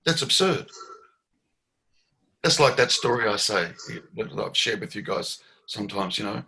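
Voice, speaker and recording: A man's voice: on the low side, expressive, unhurried, vocal fry, sharp tone. A man leading a satsang dialogue as a spiritual teacher, reflective and emphatic, often laughing, on a video call.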